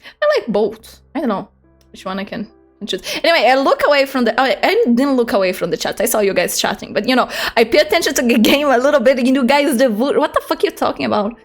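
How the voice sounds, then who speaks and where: A woman's voice: high voice, expressive, quick pace. A young woman streaming a game, chatting casually and self-deprecating, with some swearing. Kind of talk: casual gaming stream chat. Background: game music.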